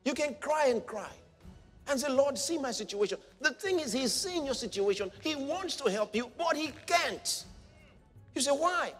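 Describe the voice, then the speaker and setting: High-pitched impassioned preacher man. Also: animated, normal speed, a bit bright, long reverb tail, soft background music. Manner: impassioned, acting out cries and quotes. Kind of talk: sermon.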